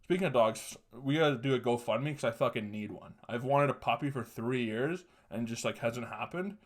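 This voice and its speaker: A man's voice: medium pitch, normal speed. A young man in his twenties rambles through a crude personal story. He swears freely and often breaks into laughter, with a loose, casual delivery. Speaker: podcast host telling a story.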